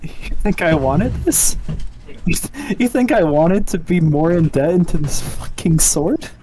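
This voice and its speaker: A man playing a bitter, defiant dragonborn paladin held in chains, talking in a slow, bitter, pleading way. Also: mid-range voice, darkish tone, a little hiss or hum, natural voice.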